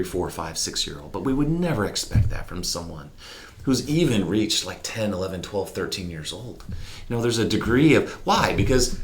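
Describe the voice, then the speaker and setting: Deep-voiced man telling candid stories. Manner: candid, animated, mimics horn sounds. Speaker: interview guest. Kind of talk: reflective conversational storytelling.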